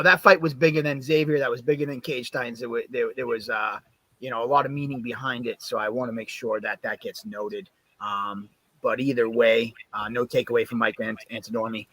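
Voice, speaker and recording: A man co-hosting a fight recap show, chatting casually in an animated, rambling way with plenty of fillers. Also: mid-range voice, a little fast, no room sound. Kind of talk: casual chat.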